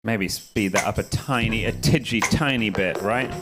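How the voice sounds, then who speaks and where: A man's voice: mid-range voice, lively intonation, unhurried, few pauses, music in the background. A man doing live comedy freestyle rap at a gig, bantering with the crowd and then rapping in rhythm. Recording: live beat under the voice. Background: live hip-hop beat.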